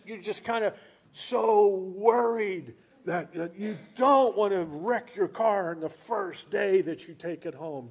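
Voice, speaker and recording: A male preacher giving a sermon, telling stories in an animated way and asking rhetorical questions. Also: on the high side.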